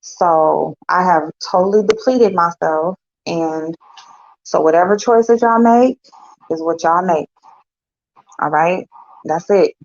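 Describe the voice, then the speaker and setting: A woman's voice: on the low side, slow, pauses often. A middle-aged woman hosting a casual chat with viewers, talking bluntly and swearing freely. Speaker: host. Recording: dull lo-fi sound.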